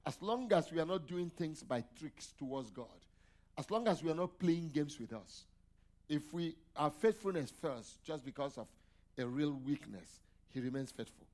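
A man's voice: fairly high pitch, lively intonation, moderate pace, darkish tone. A male pastor preaching a sermon, asking the congregation questions for them to answer aloud and dropping in hallelujahs and amens. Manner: call-and-response questions to the congregation.

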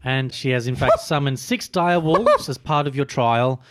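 A man's voice: medium pitch, moderate pace, no echo, studio quality. Laid-back man running a tabletop game. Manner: relaxed, laughs often while describing. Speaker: dungeon master. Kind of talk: casual tabletop game narration.

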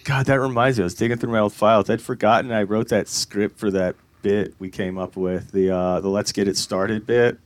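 A man's voice: lowish voice, steady tone, fairly quick, hardly any pauses, no room sound. A young man co-hosting a casual comedy podcast, rambling through a story with plenty of fillers and casual swearing. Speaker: podcast co-host.

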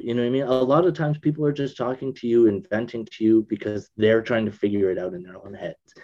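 Subdued, reflective man with a mellow voice. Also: lowish voice, muffled recording. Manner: reflective, thinks aloud with restarts; subdued, gets emphatic when excited. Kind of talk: casual conversation.

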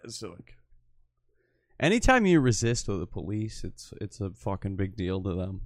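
A man's voice: fairly low pitch, very animated, moderate pace, dry recording, clean studio sound. A man chatting casually as a podcast host, crude and blunt, swearing constantly on a home microphone. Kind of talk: casual profane chat.

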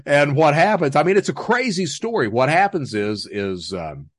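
A man's voice: a little high, sing-song, normal speed, no room sound. A man guest telling his story in a casual, profane, laughing way. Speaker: interview guest.

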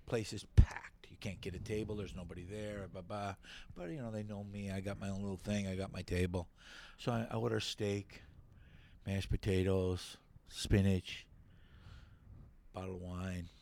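A middle-aged man, a guest on a talk show, telling a long story in a lively way, swearing freely and acting out the other people in it. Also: low-pitched, normal speed, creaky, a little hiss or hum. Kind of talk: animated storytelling.

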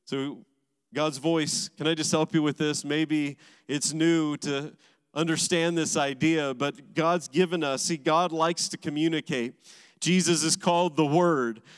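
A man's voice: on the high side, fairly even intonation, measured pace, smooth. Male pastor preaching in a reverberant hall. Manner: preaching in emphatic repeated phrases. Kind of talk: sermon. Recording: large hall with long reverb.

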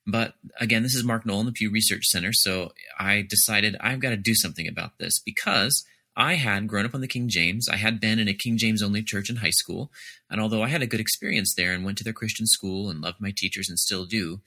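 Guy answering interview questions, earnest and careful, lowish voice, really bright tone. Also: brisk, breathy edge. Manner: earnest, articulate, explains in careful detail. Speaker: author and academic editor.

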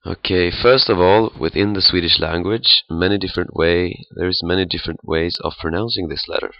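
A man giving a pronunciation lesson, speaking haltingly with many fillers and repeating sounds to demonstrate. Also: deep voice, fairly even intonation, dry recording, highs cut off. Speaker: language teacher.

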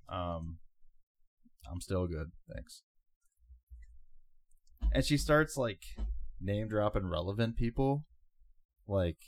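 A man's voice: low-pitched, darkish tone, dry recording, studio quality. A man co-hosting a podcast, telling a long story in a rambling, laid-back way with lots of fillers. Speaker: podcast co-host. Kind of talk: casual storytelling chat.

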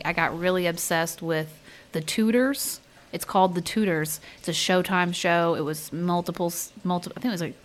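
A woman with a Southern US accent co-hosting a podcast, chatting casually, joking and laughing often. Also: lowish voice. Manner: animated, jokey, laughs often. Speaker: podcast co-host.

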